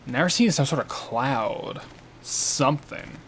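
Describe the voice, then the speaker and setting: A man's voice: mid-range voice, takes it slowly, fairly bright tone, a little hiss or hum. A man casually commenting on a video game playthrough, playful and self-mocking. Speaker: game critic doing a playthrough. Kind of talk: casual let's-play commentary.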